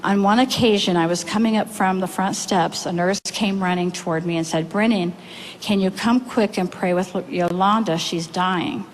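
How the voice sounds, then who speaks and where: A woman pastor preaching a sermon, telling a story earnestly and reading passages aloud with pauses. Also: medium pitch, steady tone, slight background noise, rough recording.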